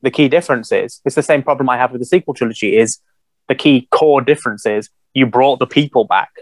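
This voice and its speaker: A man co-hosting a casual podcast chat, animated and swearing freely with lots of "you know". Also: mid-range voice, brisk, no room sound. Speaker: podcast co-host.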